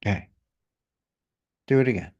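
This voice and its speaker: A man guiding someone through a feeling exercise in a calm, gently directive coaching way. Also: normal speed, dull audio. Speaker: guest healer leading an exercise. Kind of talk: guided exercise in conversation.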